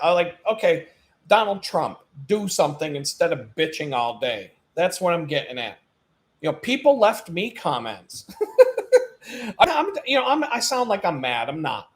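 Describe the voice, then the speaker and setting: A man hosting his own live stream in an animated, profane ranting monologue, laughing at his own jokes as he goes. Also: fairly high pitch.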